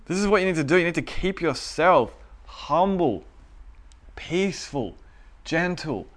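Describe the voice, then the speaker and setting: A man preaching a sermon in a relaxed, conversational way, often repeating phrases and laughing between points, and growing louder when he urges his listeners. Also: fairly high pitch, a little slow.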